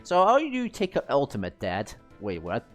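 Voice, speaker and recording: Lively-voiced man streaming a game. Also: medium pitch, moderate pace, soft background music. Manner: lively, chatty, self-amused. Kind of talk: live gameplay commentary.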